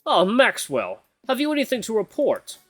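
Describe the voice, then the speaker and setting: A man voicing a broad, genial male guildmaster in a put-on Russian accent, slow and stately. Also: high-pitched, wildly swooping pitch, a bit bright, no room sound, soft background music, pitched above the performer's own voice, heavily acted.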